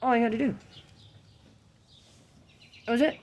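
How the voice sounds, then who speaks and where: A woman's voice: fairly high pitch, fairly even intonation, measured pace, darkish tone. A woman vlogger venting in a heated, profane rant straight to camera. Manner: heated, ranting, heavy swearing.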